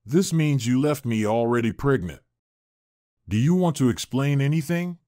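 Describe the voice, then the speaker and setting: A man voicing a proud, hurt man who speaks in a steady, accusing way, in a storybook reading. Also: medium pitch, normal speed, no echo, studio quality, lightly acted.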